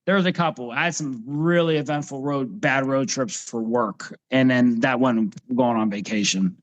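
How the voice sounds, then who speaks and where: A man in casual podcast chat, halting and repeating words as he starts his sentences. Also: medium pitch.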